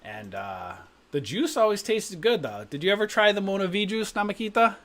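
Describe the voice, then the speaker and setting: A man's voice: sits high, big pitch swings, normal speed, a bit bright. A middle-aged man hosting a live stream, telling rambling anecdotes in casual chat and often asking "right?". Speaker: stock trading stream host.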